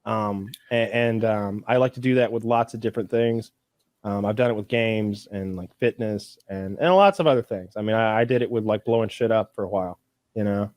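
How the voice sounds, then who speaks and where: A man co-hosting a casual podcast, rambling and halting with lots of ums and restarts. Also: on the low side, a little mellow, no echo. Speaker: podcast co-host.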